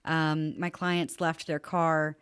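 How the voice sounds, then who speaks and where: A woman calmly telling a short anecdote in a casual podcast chat. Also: low voice, takes it slowly, clear, resonant tone. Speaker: podcast producer.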